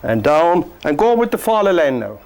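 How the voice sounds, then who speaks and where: A man from Cork with an Irish accent, teaching a painting lesson in a gentle, joking, soft-spoken way. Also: fairly high pitch, big pitch swings, normal speed. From Ireland. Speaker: painting instructor. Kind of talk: painting lesson with chatty asides.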